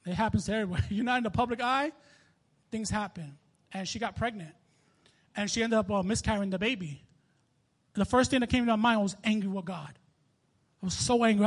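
A man preaching a sermon with a New York accent, reading scripture aloud with slips and restarts between personal stories. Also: high-pitched. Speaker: minister.

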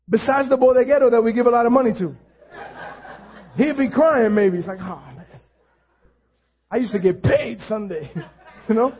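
A man with a high voice delivers a conversational sermon as a pastor. He drives points home by repeating phrases and drops in self-deprecating asides. The recording sounds dull and lo-fi. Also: a little hiss or hum.

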